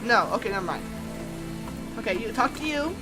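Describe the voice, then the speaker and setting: A young woman giving let's-play commentary, chatty and giggly with self-mocking asides. Her voice sits fairly high and swings a lot in pitch as she talks. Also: expressive, fairly quick, music in the background. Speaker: gamer.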